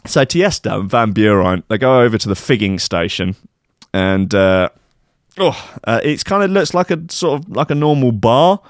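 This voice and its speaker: Guy rambling a daft story, all over the place pitch-wise, dead dry mic. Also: normal speed, no room sound. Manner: rambling with fillers, animated. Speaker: comedy show host. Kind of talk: comic storytelling.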